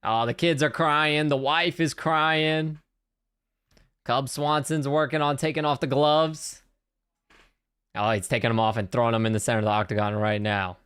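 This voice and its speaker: A man hosting a livestream watch party, giving casual, excitable play-by-play of a fight and swearing freely. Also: medium pitch, normal speed, clear, resonant tone. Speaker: livestream host.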